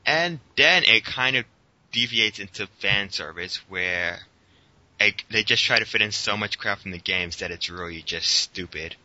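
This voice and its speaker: A man's voice: lowish voice, moderate pace, pushed and bright. A man co-hosting a podcast, chatting casually about a movie, rambling with fillers and laughing often. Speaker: podcast co-host. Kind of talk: casual movie review chat. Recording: dull lo-fi recording.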